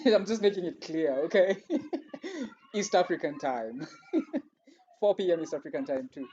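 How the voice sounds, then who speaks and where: A man's voice: a little high, animated, a little slow, dark tone. Kenyan male co-host, joking and chatty, heard through lo-fi call audio with light noise. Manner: playful, laughs often, mixes in Swahili. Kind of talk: casual chat. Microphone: video call.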